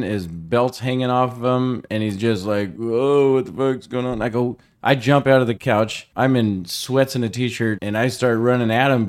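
Middle-aged man, podcast host, profane storyteller, medium-pitched voice, shouts the quoted lines. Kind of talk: casual storytelling.

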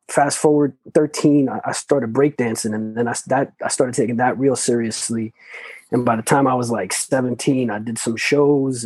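A man's voice: medium pitch, warm tone, slightly rough, dry recording, low-quality recording. A man in an interview, telling a personal story in casual, loose, profane talk full of restarts. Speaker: interview guest.

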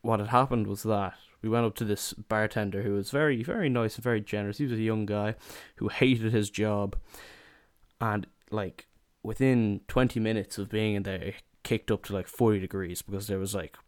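A man's voice: on the low side, fairly even intonation, normal speed, dry recording, studio quality. A young Irish man in his twenties telling a rambling comic story in casual chat, full of asides and "you know".

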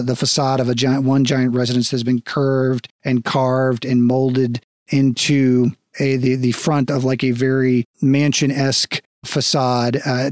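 A man narrating as game master of a tabletop game, relaxed and descriptive. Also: mid-range voice, no room sound, clean studio sound. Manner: relaxed, descriptive, with small restarts.

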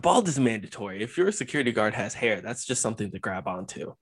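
A man's voice: on the low side, big pitch swings, fast, husky, dry recording. A young man co-hosting a podcast, telling a rambling, self-mocking story in casual chat. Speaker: podcast co-host.

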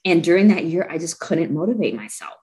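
A woman's voice: lowish voice, expressive, a little fast, mellow, rough recording. A young adult woman, a guest in an interview, telling a personal story candidly and with feeling. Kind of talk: interview conversation.

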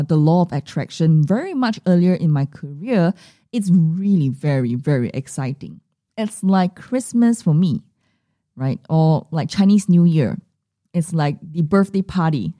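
Lively woman hosting a podcast. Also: mid-range voice, no echo, studio quality. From Singapore. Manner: animated storytelling, acting out quoted voices. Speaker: podcast host and money mindset coach. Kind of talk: solo podcast monologue.

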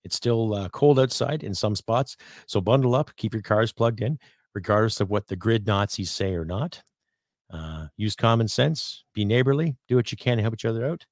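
A man's voice: lowish voice, normal speed, dry recording, studio quality. A man from Canada hosting a podcast, ranting angrily and emphatically with profanity and rhetorical questions. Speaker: podcast host. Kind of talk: political rant podcast.

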